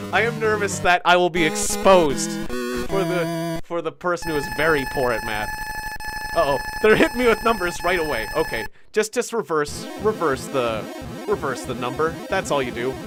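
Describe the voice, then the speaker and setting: A fairly high-voiced man streams a game live, chatting with viewers in a nervous, self-deprecating way. He keeps tripping over his words and restarting sentences. Game music plays clearly behind his voice. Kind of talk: live gameplay commentary.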